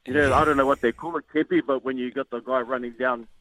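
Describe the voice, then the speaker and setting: A man's voice: mid-range voice, fairly even intonation, quick pace, a bit bright, dry recording. A man with a New Zealand accent, a former rugby player, talking casually as a guest and rambling with repeated words. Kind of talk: casual radio interview over the phone. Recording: tinny phone line, dry.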